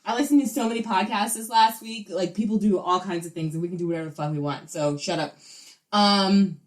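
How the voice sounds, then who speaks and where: A young adult woman co-hosting a podcast, telling stories in animated, profane casual chat. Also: medium pitch, fairly quick. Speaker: podcast co-host.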